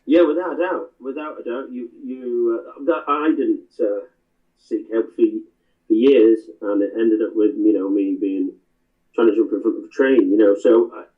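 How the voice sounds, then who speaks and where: A man's voice: mid-range voice, normal speed. A man hosting a podcast, speaking earnestly and emphatically, often repeating phrases. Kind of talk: casual conversation. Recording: tinny phone-like line.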